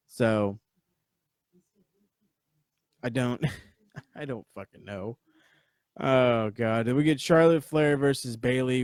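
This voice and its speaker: A man's voice: a little high, a little mellow, no echo. A man hosting a podcast, giving a casual, rambling, profane review of a wrestling event on a live stream. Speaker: podcast host.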